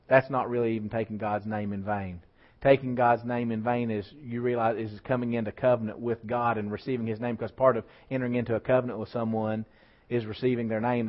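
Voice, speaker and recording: A man preaches a sermon, his voice rising for emphasis and dropping for asides to the congregation. His pitch sits in the middle range. The recording sounds a little dull and lo-fi. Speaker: pastor. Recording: slightly dull lo-fi church recording.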